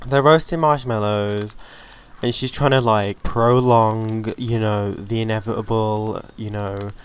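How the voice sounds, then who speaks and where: A man hosting a let's play, giving chatty, excitable gameplay commentary and swearing freely. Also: on the low side, measured pace, clear, resonant tone.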